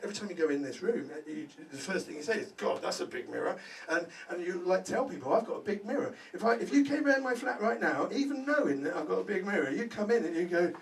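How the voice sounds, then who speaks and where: Loud high-voiced male stand-up comic. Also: expressive, fast, creaky, few pauses, reverberant. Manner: loud, swearing, crowd-work banter with many "right?" tags. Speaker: stand-up comedian. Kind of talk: stand-up comedy set. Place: comedy venue before a laughing audience. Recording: distant mic, audible room ambience.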